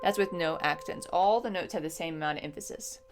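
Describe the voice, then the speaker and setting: A woman with a fairly low voice teaches a music lesson. She explains patiently and step by step, pausing on ums as she thinks. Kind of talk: instructional lesson.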